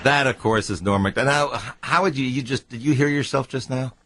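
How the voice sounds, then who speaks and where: A man hosting a talk radio show, brisk, chatty and teasing with his guest. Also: mid-range voice, fairly bright tone, dry recording. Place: radio studio.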